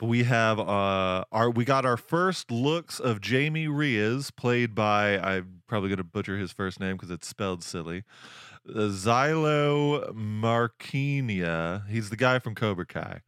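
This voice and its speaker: Slow, smooth-voiced podcast host man. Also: on the low side, expressive, a bit bright, no room sound, clean studio sound. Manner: jokey, rambling with fillers. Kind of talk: casual podcast chat.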